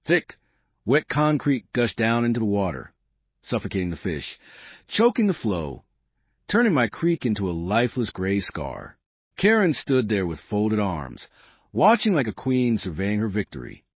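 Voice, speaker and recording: A man's voice: fairly low pitch, huge pitch swings, moderate pace, slightly rough, no room sound, dull audio. A man giving dramatic, emphatic first-person story narration, as if reading a script.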